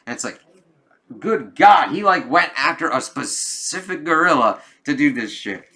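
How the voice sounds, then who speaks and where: A man giving a casual, rambling review of a comic book, swearing often and acting out dialogue in lively voices. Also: on the high side, normal speed. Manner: profane, rambling, with many "like" fillers.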